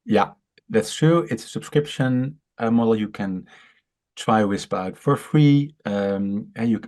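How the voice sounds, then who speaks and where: Dutch-accented founder, male, lowish voice, stutters through an explanation, lots of fillers and restarts. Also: a little mellow. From Netherlands. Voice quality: stutters, with many fillers and repeated words. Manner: explanatory, halting. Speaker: startup founder. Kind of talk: interview on a video call.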